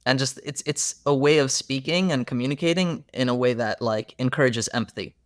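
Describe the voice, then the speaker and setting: A man's voice: medium pitch, a little fast, no echo, clean studio sound. A young man in a casual podcast conversation, telling stories earnestly and animatedly, with many fillers. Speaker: therapist guest.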